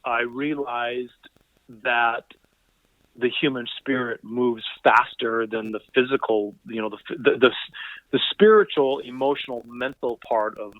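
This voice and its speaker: A man, a physical therapist guest on an interview podcast, telling stories in an animated way and quoting people as he goes, heard over a call line. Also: mid-range voice, a little slow, no echo. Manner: animated anecdotal storyteller, quotes people in voices. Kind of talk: conversational interview storytelling. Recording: tinny phone-line sound.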